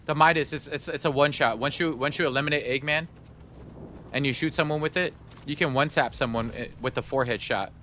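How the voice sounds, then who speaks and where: A man's voice: mid-range voice, a little fast, sharp tone, slight background noise. A man streaming a video game live, chatting playfully to his viewers and whining in mock sadness. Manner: playful, talks to chat, mock-sad whining. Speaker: gaming streamer. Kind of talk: live gameplay commentary.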